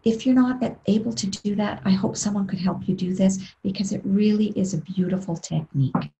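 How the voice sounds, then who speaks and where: A middle-aged woman leading a guided meditation webinar over a video call, talking gently and unhurriedly, sometimes dropping into a breathy whisper. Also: medium pitch, fairly quick, muffled recording, a little hiss or hum. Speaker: meditation instructor.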